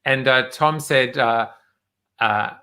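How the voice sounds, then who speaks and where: A man's voice: mid-range voice, takes it slowly, bright, forceful tone, a little hiss or hum. A man hosting a live online talk show, chatting casually with many fillers and restarts. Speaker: show host. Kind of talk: casual live-stream chat.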